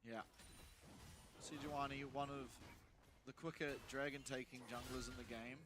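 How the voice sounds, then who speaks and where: A man's voice: medium pitch, normal speed, background noise. A man giving play-by-play commentary on a competitive game match. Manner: steady, analytical play calls. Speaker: esports caster.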